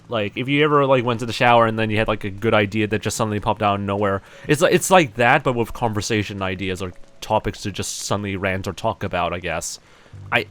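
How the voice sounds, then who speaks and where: A man's voice: lowish voice, fairly bright tone. A young man from New Zealand chatting casually on a live stream, rambling and self-deprecating with lots of fillers and restarts.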